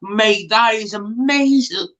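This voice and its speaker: A drunk man with hiccups rambles on as a guest in a casual livestream chat. His voice sits fairly high, and he talks eagerly. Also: takes it slowly, sharp tone, rough recording. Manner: rambling, enthusiastic.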